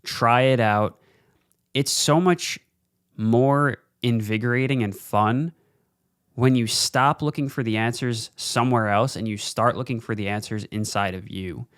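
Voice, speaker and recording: A man hosting a podcast and giving a casual, blunt motivational talk straight to camera, swearing freely and slowing down to press his points. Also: medium pitch, a bit bright, clean tone, dry recording, studio quality. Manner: slows down for emphasis. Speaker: podcast host. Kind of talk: motivational monologue. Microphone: studio mic, facing camera.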